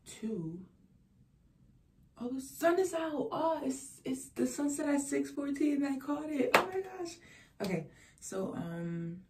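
A woman's voice: sits high, very animated, slow, slight background noise. A teenage girl vlogging casually at home, chatty and self-mocking, often dropping to a whisper. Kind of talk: casual vlog chat.

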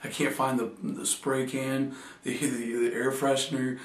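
A man's voice: medium pitch, level tone, measured pace, echoey room, lightly acted. Brief: flustered wife rambling about a dream, as a man quotes her, heard from a distance. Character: wife, just woken, telling a dream.

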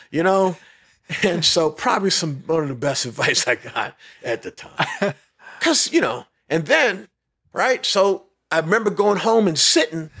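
A man telling a lively story as a podcast guest, laughing often and acting out what others said. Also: on the high side. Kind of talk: storytelling interview.

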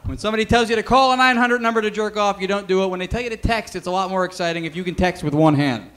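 A man's voice: sits high, racing. A man hosting a comedy roast on stage, joking as he introduces a guest and asks him questions into a handheld mic. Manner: joking emcee, building to a loud introduction. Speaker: roast host. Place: comedy club stage with live audience.

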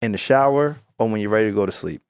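A man's voice: fairly low pitch, fast talker, smooth. A man co-hosting a podcast in casual chat, steering the talk and asking his friends questions. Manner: relaxed, leads the conversation and asks questions. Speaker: podcast co-host.

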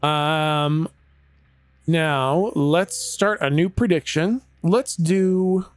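A man's voice: a little high, extremely slow, dry recording. A Canadian man casually chatting with his viewers while streaming a game, laid-back and chatty, with frequent laughs and some swearing.

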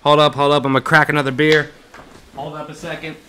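A young man streaming a shooter game, talking casually and trash-talking loudly, swearing, with sudden shouted outbursts. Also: fairly high pitch, fast, noisy background. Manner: loud, excitable trash talk, swearing, bursts of shouting. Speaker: gaming streamer. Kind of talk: casual gameplay commentary.

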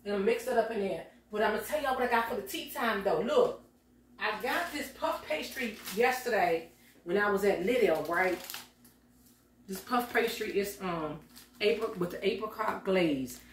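A woman's voice: medium pitch, lively intonation, moderate pace, slight background noise. A middle-aged woman vlogging from her home kitchen, chatting in a folksy way and talking straight to her viewers. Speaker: lifestyle vlogger. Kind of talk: casual chat to viewers. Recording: echoey room, voice from a distance.

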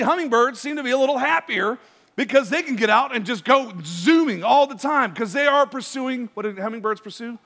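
High-voiced preacher in a reverberant hall. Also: male voice. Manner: animated, swings between soft asides and loud emphatic bursts. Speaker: pastor. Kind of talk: sermon. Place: church sanctuary.

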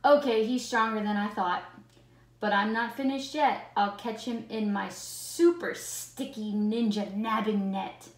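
Woman teacher, picture-book read-aloud, slow and expressive, talks with the kids, echoey classroom. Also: mid-range voice. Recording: roomy echo.

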